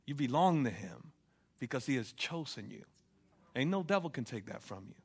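A young man preaching a fervent sermon, asking the congregation for responses and building to loud passages. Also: medium pitch, big pitch swings, normal speed, husky. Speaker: pastor.

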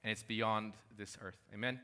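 A man's voice: lowish voice, steady tone, moderate pace, pushed and bright. A man preaching a sermon as pastor, talking emphatically and repeating his key phrases.

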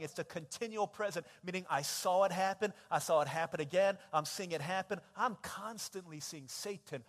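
A pastor preaching a sermon, telling stories with big swings between hushed and loud. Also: male voice, a little fast, hardly any pauses, big-room sound. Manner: animated storytelling, big swings in pitch and loudness.

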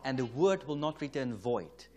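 A man's voice: medium pitch, very animated, normal speed, a little mellow. A South African man preaching at a conference, telling a story and acting out the conversations in it, with frequent chuckles. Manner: anecdotal, re-enacts dialogue, chuckles often. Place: church or conference hall.

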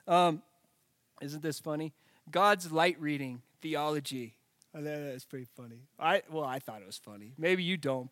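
High-voiced casual pastor, dry sound. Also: male voice, a bit bright, no room sound. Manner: casual, joking, self-correcting. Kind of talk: sermon.

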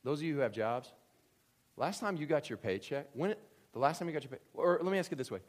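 A man preaching a sermon, animated and humorous, swinging between loud excited bursts and hushed, quiet emphasis. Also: a little high, fast talker. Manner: humorous storytelling asides. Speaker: pastor.

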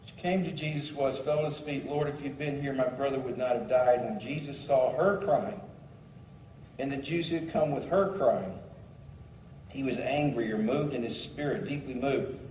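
A man's voice: mid-range voice, moderate pace, darkish tone, a little hiss or hum. A man preaching a sermon, reading scripture aloud and commenting on it with shifting emphasis. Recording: echoey hall, voice from far off.

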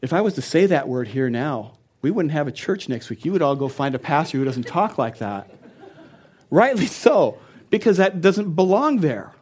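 A man's voice: fairly high pitch, sing-song, normal speed, darkish tone, breathy edge. A middle-aged man, a pastor, preaching a sermon in an earnest and personal storytelling way, often laughing.

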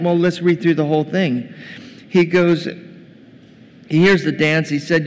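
A pastor with a slightly high voice, moderate pace, and little pitch movement preaches conversationally in a church, speaking straight to his congregation and calling them "gang." The recording carries long reverb and faint noise.

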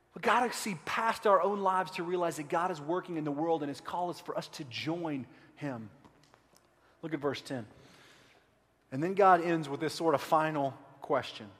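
A man preaching a sermon as pastor, impassioned, swinging between quiet stretches and loud emphatic bursts. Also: sits high, big-room sound.

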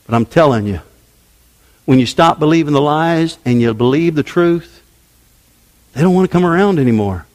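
Pastor, male, mid-sermon: emphatic preaching that leaps high and drops low, in a big echoing sanctuary. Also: lively intonation, normal speed, long pauses, darkish tone. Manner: emphatic, preaching with sweeping pitch swings. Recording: long hall reverb.

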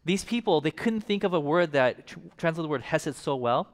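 A man's voice: fairly high pitch, animated, brisk. Joking preacher man in a hall. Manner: casual, joking, engages the audience. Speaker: pastor. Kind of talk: sermon.

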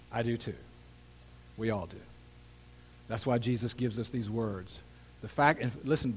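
A man preaching from the pulpit, his somewhat high voice carrying a long reverb through a large hall. He drops low and hushed for personal asides, then climbs loud and high to drive a point home, now and then slipping in a dry joke. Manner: animated preaching with wide swings in pitch and loudness, wry asides. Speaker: pastor. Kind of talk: sermon.

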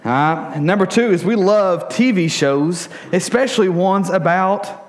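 A man's voice: sits high, a little slow. A young adult man preaching a casual sermon, telling stories with jokes and lots of fillers. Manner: casual, joking, animated storytelling with many fillers. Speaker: pastor.

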